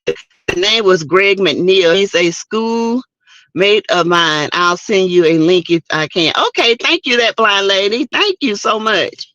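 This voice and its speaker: A woman's voice: medium pitch, slow, fairly bright tone, no echo, highs cut off. A woman hosting a casual morning livestream, chatting and greeting viewers by name. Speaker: livestream host. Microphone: streaming setup mic.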